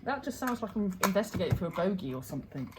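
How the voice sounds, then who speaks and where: A woman's voice: mid-range voice, sing-song, quick pace, background noise. Dry, teasing woman at work. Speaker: nail artist and channel host. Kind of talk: casual chat while working.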